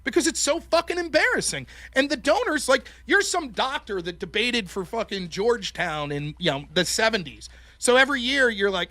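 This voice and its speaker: A man with a high, bright voice tells a story on his podcast, swearing freely and putting on mocking voices for the people he quotes. The sound is close and dry, with no room in it. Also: brisk, no room sound. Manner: profane, animated, mocking voices when quoting people. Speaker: podcast host. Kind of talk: casual chat, storytelling.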